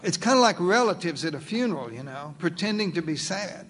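A man's voice: high-pitched, expressive, brisk, few pauses, fairly bright tone. A male pastor preaching a sermon in a folksy, playful way, acting out the voices in his quotes.

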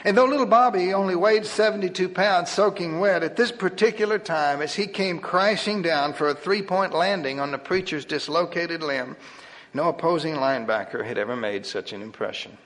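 A man reading a humorous story aloud in a wry, lively storytelling manner. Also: fairly high pitch, moderate pace. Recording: long hall reverb.

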